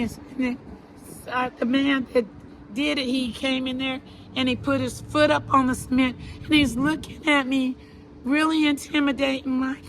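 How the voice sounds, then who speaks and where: A woman telling her own story to an interviewer in an earnest, halting way, repeating herself and restarting her sentences. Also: sits high, steady tone, a bit bright, a little hiss or hum, low-quality recording. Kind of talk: personal account in an interview.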